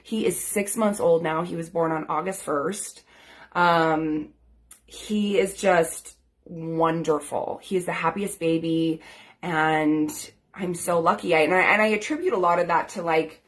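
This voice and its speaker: A woman's voice: on the low side, fairly even intonation, unhurried. A woman in her thirties, a life coach, telling her own story in an earnest, grateful, chatty way full of "like" and "um" fillers. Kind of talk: personal storytelling to camera.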